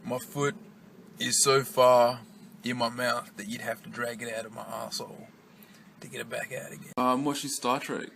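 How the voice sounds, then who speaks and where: A man's voice: mid-range voice, flat delivery, normal speed, gravelly, a bit bright, slight background noise. A young Australian man from Western Australia vlogging in a loose, rambling way, cursing a lot and restarting his sentences. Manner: rambling, heavy swearing, many restarts and fillers. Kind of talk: casual rambling vlog chat.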